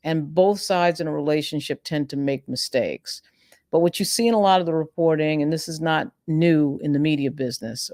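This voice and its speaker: A woman host delivering pointed legal news commentary, stacking up her points in long, emphatic lists. Her voice sits close and dry, with no room sound around it. She keeps a steady, argumentative commentary pace. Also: deep voice, dry recording.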